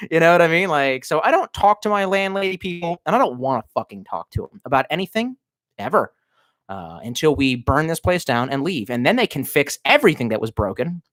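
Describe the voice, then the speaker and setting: A man's voice: mid-range voice, a bit bright, no echo, clean studio sound. A man in his thirties, a bit drunk, ranting on a livestream from his cramped bedroom in a rambling, profane, sardonic way. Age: 30s. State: tipsy. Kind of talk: casual livestream rant.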